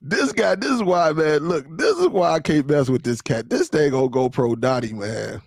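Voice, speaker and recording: Gravelly man hosting a chatty live stream. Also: a little high, expressive, moderate pace, no echo. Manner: loose, talkative, laughs often, addresses viewers directly. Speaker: live show host. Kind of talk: casual live-stream commentary.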